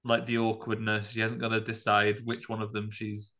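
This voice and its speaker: A man's voice: lowish voice, completely flat delivery, moderate pace, pushed and bright. A man co-hosting a podcast, chatting casually and rambling through a film review with jokes. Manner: rambling, jokey, puts on voices in retellings. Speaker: podcast co-host.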